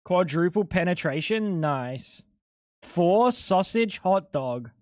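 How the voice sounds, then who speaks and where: Young male streamer, casual and excitable, high-pitched, dry sound. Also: slow pace, no room sound. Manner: animated, swearing, laughing a lot. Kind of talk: casual live-stream chat.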